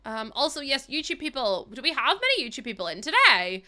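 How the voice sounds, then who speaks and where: A woman's voice: a little high, expressive, quick pace, few pauses, sharp tone. A young Northern Irish woman chatting casually to her livestream viewers while she builds in a game, laughing often and swearing freely. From Northern Ireland. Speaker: streamer.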